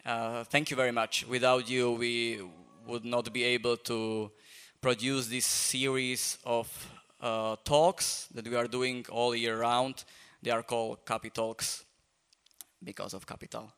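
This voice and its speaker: A man's voice: mid-range voice, level tone, a little slow, a bit bright, clear, resonant tone. Hesitant man hosting a live talk. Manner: hesitant, many fillers. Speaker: host, journal editor. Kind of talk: live public talk introduction. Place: festival event space.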